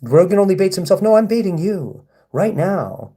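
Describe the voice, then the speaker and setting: Reading his chat aloud and replying, this livestreamer taunts and swears at hecklers to provoke them. His high-pitched, dark-toned voice swings widely in pitch at a normal speed.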